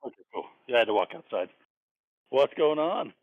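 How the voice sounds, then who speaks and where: A man's voice: medium pitch, big pitch swings, a little fast, dry recording, phone-quality sound. A man calling in from outdoors on a phone, chatting casually and telling a long rambling joke. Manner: rambling storyteller. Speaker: caller.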